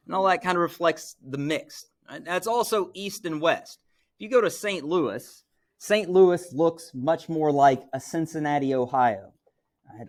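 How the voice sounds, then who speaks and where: Middle-aged male teacher from Missouri, mid-range voice, relaxed classroom lecture with "right?" check-ins. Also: medium pitch.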